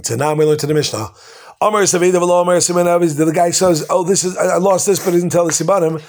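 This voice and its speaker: A man teaching a casual Talmud class, quickly translating the text line by line with asides. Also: sits high, fairly even intonation, darkish tone.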